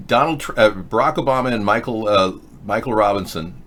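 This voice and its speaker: A man's voice: fairly low pitch, moderate pace, few pauses, a bit bright. A man hosting a live-stream show, talking in a rambling, sarcastic way with frequent restarts. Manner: rambling, sarcastic, self-interrupting. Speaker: host. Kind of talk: casual live-stream commentary.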